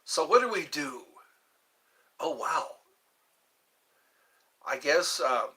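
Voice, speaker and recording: A man's voice: fairly high pitch, sing-song, extremely slow, long pauses, sharp tone, slightly rough. A man hosting a live stream, chatting in a rambling, playful way with viewers and saying he is a little tired. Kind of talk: casual live-stream chat.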